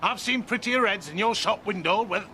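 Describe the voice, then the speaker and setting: A man's voice: high-pitched, normal speed, bright, forceful tone, a little hiss or hum. An actor playing a boastful man who mocks his rival and laughs between jibes. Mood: taunting. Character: cocky taunting man, boastful rival boxer.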